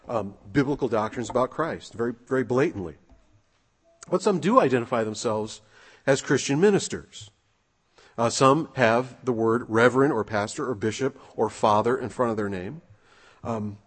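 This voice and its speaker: A man preaching a sermon in a relaxed, conversational way, asking his listeners rhetorical questions and pausing on fillers. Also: medium pitch. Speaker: pastor. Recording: husky voice with long hall reverb.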